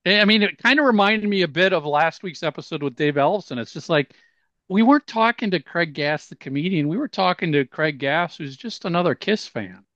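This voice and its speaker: Upbeat podcast host, dry close sound. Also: male voice, fairly high pitch, animated, brisk, fairly bright tone, dry recording, dull audio. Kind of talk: casual podcast chat.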